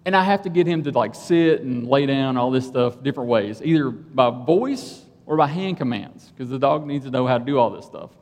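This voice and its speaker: Animated man telling a sermon story. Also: mid-range voice, normal speed, hardly any pauses, big-room sound. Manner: animated, conversational, keeps asking "right?". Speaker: police officer and church speaker.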